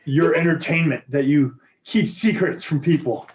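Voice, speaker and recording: A man putting on a squeaky, indignant teen boy. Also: normal speed, a little mellow, close to an everyday voice. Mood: accusing. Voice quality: high helium-squeaky voice. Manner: indignant, suspicious questioning. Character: squeaky-voiced teenage boy, upset and accusing. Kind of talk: tabletop role-play.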